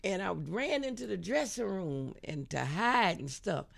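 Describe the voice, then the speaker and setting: Older lady singer telling stories in an interview, gravelly voice, laughs a lot, sings bits. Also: mid-range voice, unhurried. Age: 70s. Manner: animated storyteller, laughs often, sings snatches of songs. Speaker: guest singer. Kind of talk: storytelling interview.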